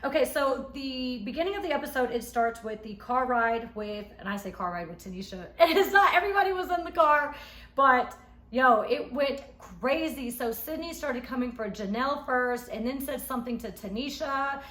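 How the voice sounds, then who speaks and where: A woman casually recapping a reality show episode she was in, telling it in an animated, emphatic way. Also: fairly high pitch, moderate pace, few pauses. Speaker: reality show cast member reviewing her episode. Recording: echoey room.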